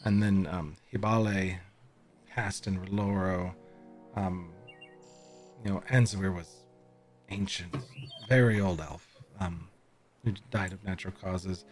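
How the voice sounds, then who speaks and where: A man running a tabletop game as game master, talking in a relaxed way with many fillers. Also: low-pitched, measured pace, long pauses. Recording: faint music behind.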